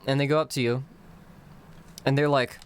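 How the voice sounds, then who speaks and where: A man teaching his constructed language on a live stream, in a slow, explanatory way that breaks phrases into their literal word-by-word meanings. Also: medium pitch, little pitch movement, a little hiss or hum.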